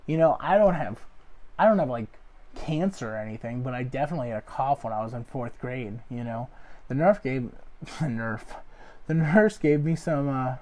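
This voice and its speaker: A young man, a comedy show host, rambling through a loose joke monologue full of fillers and deadpan asides. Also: mid-range voice, moderate pace. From Ohio area. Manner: loose, filler-heavy, deadpan jokes with acted quotes. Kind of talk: rambling stand-up style monologue.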